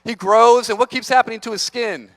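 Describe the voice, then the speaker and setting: A man giving an energetic, playful motivational talk to students, teasing the audience, on a stage microphone in a large conference hall. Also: extremely high pitch, a little fast, vocal fry. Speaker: motivational speaker.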